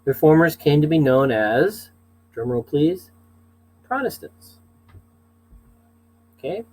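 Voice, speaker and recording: A man's voice: fairly high pitch, lively intonation, normal speed, darkish tone, low-quality recording. A man teaching a class in a casual, chatty way, with frequent asides and "okay?" check-ins.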